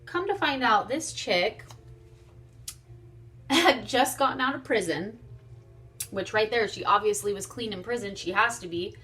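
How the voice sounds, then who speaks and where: A woman's voice: mid-range voice, animated, unhurried, pauses often, sharp tone, faint music behind. A young woman vlogger chatting casually and animatedly through a storytime, swearing freely. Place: home, getting ready on camera.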